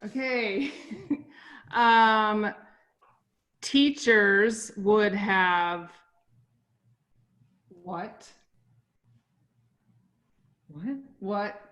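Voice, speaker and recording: Woman, class participant, very slow, hesitant, video call. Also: medium pitch, fairly even intonation, a bit bright, echoey room. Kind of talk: answering in class.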